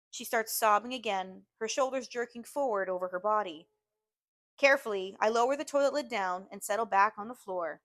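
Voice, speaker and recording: A woman's voice: mid-range voice, a little fast, a bit bright, no room sound. Woman reading a novel aloud, dry. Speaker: teacher reading to class.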